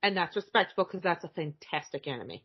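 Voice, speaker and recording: A woman's voice: fairly low pitch, expressive, fairly quick, husky. A woman reviewing a cartoon episode in casual chat, acting out the characters' lines with big swings in her voice and swearing freely. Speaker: podcast co-host. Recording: dull lo-fi recording.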